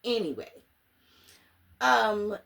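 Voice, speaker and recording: A woman chatting casually in a book review vlog, animated and slangy, dramatic and often laughing. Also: mid-range voice, extremely slow, creaky. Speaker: book vlogger.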